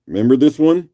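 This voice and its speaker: Man with a rough morning voice. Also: mid-range voice. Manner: relaxed, chatty, clears throat often. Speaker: livestream auction host. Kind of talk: casual live auction chat.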